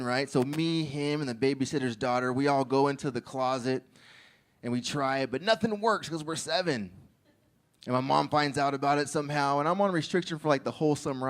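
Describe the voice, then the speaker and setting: A man doing a crude stand-up set, telling stories and laughing at his own jokes. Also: mid-range voice. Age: adult with a child. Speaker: stand-up comedian.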